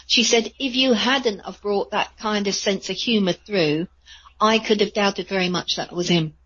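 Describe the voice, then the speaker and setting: A woman, a psychic medium, telling chatty, rambling stories in a radio interview with a husky voice. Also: medium pitch, normal speed, fairly bright tone, lo-fi sound. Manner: chatty, rambling with many fillers.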